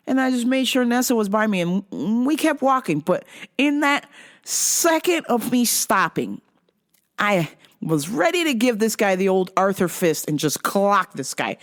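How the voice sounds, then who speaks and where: A middle-aged woman vlogger tells a street story in a loose, conversational way. Her voice swoops wildly in pitch. She is profane and animated, and slips into other people's voices as she goes. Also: measured pace. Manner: animated, profane, acts out quotes. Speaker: vlog host. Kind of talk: casual storytelling.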